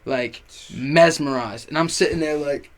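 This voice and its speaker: Animated young man telling stories. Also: fairly high pitch, measured pace. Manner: animated storytelling, swearing, acting out quotes. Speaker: guest. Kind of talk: casual chat.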